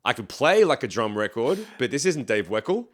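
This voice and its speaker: A man in a casual podcast chat, a singer-songwriter telling animated stories. He acts out other people's lines and swears freely. His voice sits in a middle register. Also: mid-range voice, normal speed.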